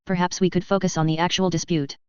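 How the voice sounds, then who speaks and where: A young advisor pleading for reason, as a woman reads her, earnest and measured. The low, very clear voice is recorded dry and slightly dull. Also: level tone, a little mellow, dry recording, natural voice.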